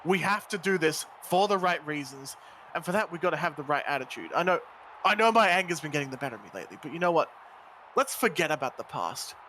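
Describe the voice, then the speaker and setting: A man's voice: on the high side, lively intonation, quick pace, sharp tone, a little hiss or hum. A man voicing a volatile, angry male wrestler in an amateur voice drama, snarling and swearing often. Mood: resolute. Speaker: wrestler character.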